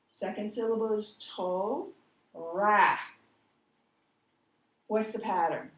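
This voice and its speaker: A woman's voice: mid-range voice, darkish tone, recorded from a distance. Patient woman teaching phonics, echoey. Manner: slow, patient, quizzing the listener. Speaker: reading teacher. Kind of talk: phonics lesson. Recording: echoey room, voice off-mic.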